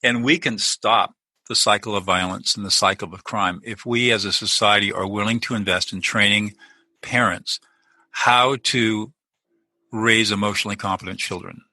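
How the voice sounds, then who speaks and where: Middle-aged male interview guest, earnest and explanatory, bright tone with a husky edge, dry sound. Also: on the low side, steady tone, normal speed, no echo, rough recording. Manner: earnest, explanatory, restarts mid-sentence. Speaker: guest, lawyer turned peacemaker. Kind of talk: conversational interview.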